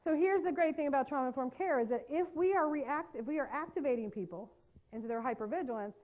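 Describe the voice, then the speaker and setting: A woman trainer giving a workshop talk. Her voice sits a little high, and she stays lively and conversational, tossing quick tag questions to the room to keep people with her. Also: lo-fi sound. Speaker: trauma-informed care trainer. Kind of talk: live workshop lecture.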